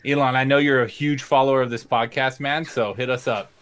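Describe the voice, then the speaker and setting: A man's voice: mid-range voice, fairly even intonation, a little fast, a bit bright, smooth. A man co-hosting a podcast, cracking crude, self-mocking jokes in casual banter. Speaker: podcast co-host.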